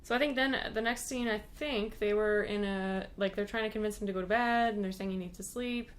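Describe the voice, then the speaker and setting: A woman's voice: medium pitch, brisk. A woman, a guest on a podcast, chatting casually as the resident show expert with a rambling flow full of fillers.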